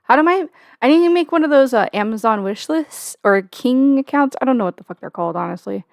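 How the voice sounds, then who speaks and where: A woman's voice: high-pitched, lively intonation, brisk, creaky, no echo, clean studio sound. A young woman hosting a casual livestream from home, rambling and joking with plenty of swearing and filler words. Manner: profane, jokey, rambling with many fillers. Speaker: livestream host.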